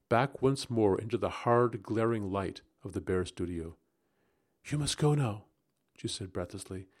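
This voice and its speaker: A man narrating a gothic story aloud in the first person, expressive and rising into agitation at tense moments. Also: mid-range voice. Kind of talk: dramatic audiobook narration.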